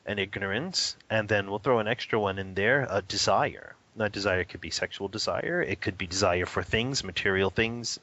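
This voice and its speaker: In a relaxed interview, a spiritual teacher responds as the guest with a bright, forceful, lowish voice, full of animation and frequent laughter. At one point he mimics a toddler crying, and the audio is a bit muffled and lo-fi.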